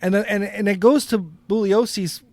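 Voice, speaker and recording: A man's voice: high-pitched, fairly even intonation, moderate pace, a little mellow, no echo. A middle-aged man co-hosting a casual podcast, rambling and laughing often as he talks. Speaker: podcast co-host.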